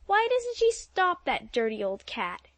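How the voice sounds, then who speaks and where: A woman reading an audiobook, voicing an excitable, dramatic teenage girl who gushes and frets. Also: very high-pitched, unhurried, dry recording, pitched above the performer's own voice, heavily acted. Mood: overwrought. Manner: gushing, overwrought.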